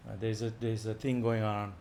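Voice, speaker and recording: Visiting speaker, male, energetic informal class, light background noise. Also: on the low side, fairly quick. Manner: animated, rising loud for emphasis, chuckling.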